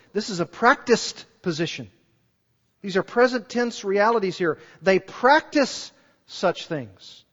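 High-voiced preacher in a reverberant hall. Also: male voice, a bit bright. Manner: earnest, rhetorical questions, emphatic repetition. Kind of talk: sermon. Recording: dull recording with long hall reverb.

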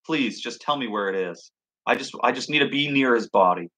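A man's voice: mid-range voice, expressive, a little fast, sharp tone, low-quality recording. A male preacher voicing a grieving woman who begs urgently to be told where a body is. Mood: pleading. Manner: pleading, urgent, raised voice.

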